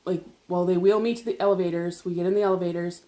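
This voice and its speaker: A woman's voice: lowish voice, fast. Woman vlogger telling a story while eating, laughs a lot, swears a bit, talks right to the viewers. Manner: chatty, laughs often, swears casually; animated, talks to viewers directly. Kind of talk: casual storytelling over dinner.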